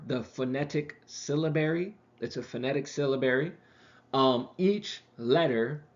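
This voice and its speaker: A man teaching a casual language lesson, with lots of ums, who slows down to sound things out. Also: medium pitch, a little mellow. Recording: dull lo-fi recording.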